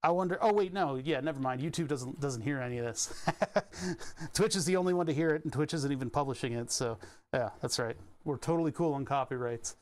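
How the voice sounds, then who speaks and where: A man's voice: medium pitch, fairly quick. A man chatting casually on his stream, rambling and restarting sentences with little chuckles. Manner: rambling, self-interrupting, chuckling.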